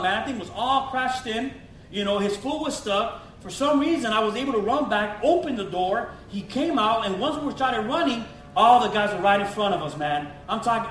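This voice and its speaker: A middle-aged man, a pastor from Los Angeles telling his testimony in an animated way, full of slang and acted-out quotes. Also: sits high, a little hiss or hum. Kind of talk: testimony sermon. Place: church. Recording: echoey church hall from far off.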